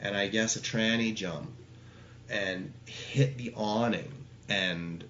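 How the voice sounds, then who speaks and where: A man's voice: fairly low pitch, slow pace, a bit bright. Man, casual storyteller, profane and rambling, muffled lo-fi sound, light background hiss. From Canada. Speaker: guest. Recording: dull lo-fi sound, faint hiss.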